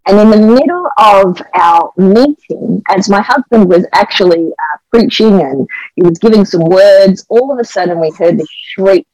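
A middle-aged woman with an Australian accent tells a testimony with earnest, emotional animation, and her pitch sits in a medium range. The recording is dry and close, with almost no room sound. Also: animated, normal speed, a little mellow, no room sound, poor audio. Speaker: pastor's wife and evangelist. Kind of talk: testimony storytelling on a podcast.

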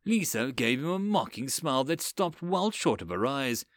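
Expressive man narrating a story. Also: medium pitch, moderate pace, no echo, clean studio sound. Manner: expressive, dramatic reading.

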